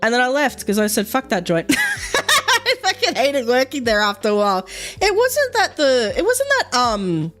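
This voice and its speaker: A woman's voice: sits high, moderate pace, soft background music. A woman streamer telling stories in casual chat while gaming, swearing freely and laughing often. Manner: swears freely, animated storytelling with frequent laughs.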